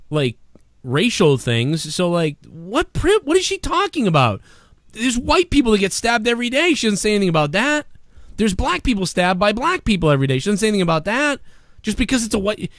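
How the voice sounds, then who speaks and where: A man hosting a live-streamed talk show, ranting profanely and swinging between a low grumble and loud shouting. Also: dry recording, clean studio sound. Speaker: podcast host.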